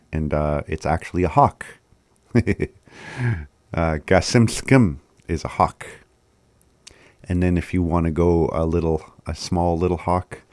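A man's voice: low-pitched, darkish tone, dry recording. A man giving a casual language lesson, sounding words out syllable by syllable and often laughing at himself. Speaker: language teacher.

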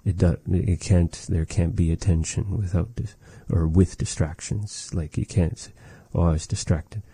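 A man giving a relaxed spoken language lesson, measured and thoughtful, with many pauses and fillers. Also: low voice, husky, dry recording. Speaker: language teacher.

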